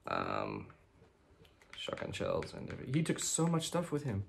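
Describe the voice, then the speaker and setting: A man's voice: medium pitch, huge pitch swings, normal speed, vocal fry. A young man hosting a gaming channel, chatting casually through his gameplay with lots of ums and frequent swearing.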